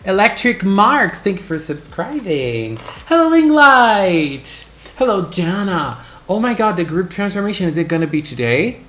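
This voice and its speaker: A man with a slightly high voice chats excitably on a live stream and greets his viewers one by one. His voice bounces around a roomy, echoey space. He talks casually and gushes often. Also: moderate pace, hardly any pauses. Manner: excitable, chatty, greets chat by name. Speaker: livestream host. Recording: roomy echo.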